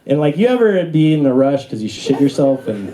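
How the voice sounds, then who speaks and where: A young man performing a stand-up comedy set on a club stage. His storytelling is animated, and he jumps into high, squeaky voices for the characters he acts out. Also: brisk. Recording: live audience laughter throughout.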